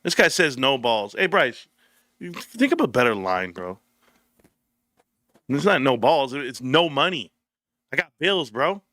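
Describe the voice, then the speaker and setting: A man's voice: mid-range voice, sing-song, measured pace, pauses often, pushed and bright, no room sound, clean studio sound. A man hosting a casual livestream, reading comments and telling loose, profane stories with frequent laughter. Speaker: livestream host.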